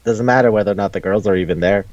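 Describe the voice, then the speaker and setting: A man co-hosting a casual chat show, talking quickly, swearing and acting out characters in high squeaky voices. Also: a little mellow, no echo, muffled recording. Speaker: podcast co-host.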